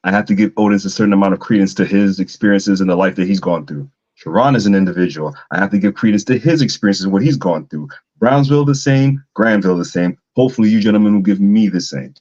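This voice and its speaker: Low-voiced man on a lo-fi line. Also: darkish tone. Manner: measured, argumentative. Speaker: panelist. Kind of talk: casual panel talk.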